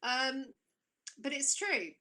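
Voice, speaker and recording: A woman gives encouraging, emphatic coaching on a live-streamed spiritual show, repeating her key phrases. Her voice is bright and a little high. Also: animated, takes it slowly. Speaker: intuitive coach, co-host.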